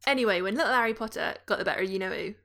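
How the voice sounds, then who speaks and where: A woman's voice: mid-range voice, racing, bright, forceful tone. A British woman voicing a chatty, gossipy young male bus conductor from a storybook.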